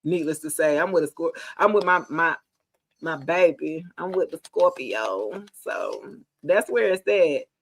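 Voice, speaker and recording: A woman, giving a casual live tarot reading in a chatty, animated, slangy way, talking straight to her viewers. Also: deep voice, unhurried, husky. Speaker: tarot reader.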